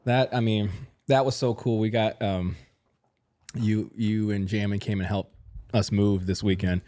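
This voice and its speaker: A man with a low, mellow voice co-hosting a laid-back podcast. He gets excited easily, his voice leaping up as he talks, and he keeps dropping "man" into his sentences. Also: measured pace. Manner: enthusiastic, jumps high when excited, says "man" a lot. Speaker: podcast co-host. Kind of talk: casual podcast chat.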